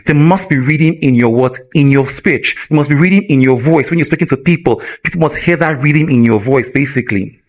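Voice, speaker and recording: A man with a Nigerian English accent teaching communication skills at a live event, energetic and constantly asking the audience rhetorical questions. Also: medium pitch, fairly quick, few pauses. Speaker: communication trainer.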